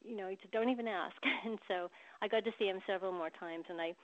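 A woman's voice: medium pitch, fast, no room sound. Woman author in an interview, emotional storyteller who laughs a lot, kinda muffled audio. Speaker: author and guest.

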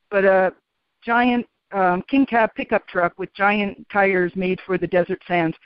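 Woman guest, relaxed storyteller, laughs easily; muffled, dry broadcast sound. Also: medium pitch, dry recording. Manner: calm, animated, laughs often. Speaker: interview guest. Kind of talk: storytelling in a radio interview. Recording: dull, dry radio sound.

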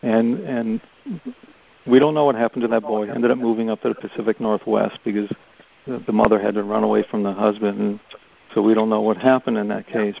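A man on a conference call, telling a story in an earnest, halting way and repeating words as he goes. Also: fairly low pitch, gravelly, dull audio. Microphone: phone or conference call.

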